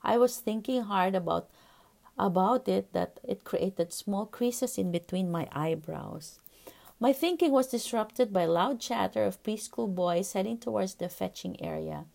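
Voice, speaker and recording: Woman in her 40s hosting a podcast, earnest storytelling, some fry in her voice, middle pitch. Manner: earnest, reflective, steady telling with soft fillers. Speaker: podcast host, pediatrician.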